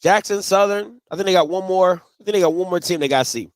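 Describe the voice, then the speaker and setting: A man's voice: high-pitched, fast, no room sound, clean studio sound. A man hosting a postgame sports talk show, emphatic and repetitive as he argues his point. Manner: emphatic, repeats himself, breaks into laughing fits.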